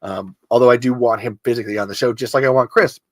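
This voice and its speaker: A man's voice: mid-range voice, fairly even intonation, fast, no room sound. A man hosting a podcast solo in loose, rambling casual chat, swearing freely. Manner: rambling, swearing, self-interrupting. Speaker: podcast host.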